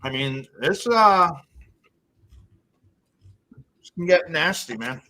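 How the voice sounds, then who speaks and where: A man's voice: fairly high pitch, lively intonation, moderate pace, sharp tone. A man co-hosting a live trading stream, chatting casually and thinking aloud as he walks through charts, dropping in dude and man. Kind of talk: casual market chat.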